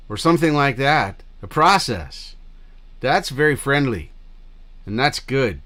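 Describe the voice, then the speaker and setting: A middle-aged man hosts his own livestream in loose, wandering casual chat, trailing off and restarting his sentences. He swears freely. His voice sits at an ordinary, middling pitch for a man. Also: sing-song, unhurried, a bit bright. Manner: rambling and scattered, loose with profanity. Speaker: livestream host. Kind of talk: casual rambling chat with viewers.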